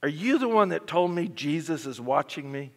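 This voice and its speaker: A man's voice: a little high, very animated, moderate pace, long reverb tail. Man doing a scoffing, incredulous burglar. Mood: startled. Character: startled male burglar, nervous then scornful.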